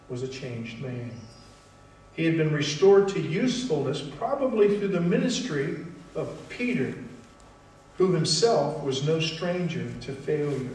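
Guy preaching a sermon real slow, kinda high voice, big echoey church hall. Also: a little mellow, a little hiss or hum. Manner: unhurried preaching with long pauses and emphatic phrases. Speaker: pastor. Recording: echoey hall, mic at a distance.

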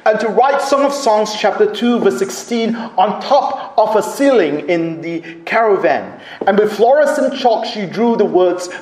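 Male preacher, high animated voice, dramatic storytelling sermon, roomy echo. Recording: echoey room.

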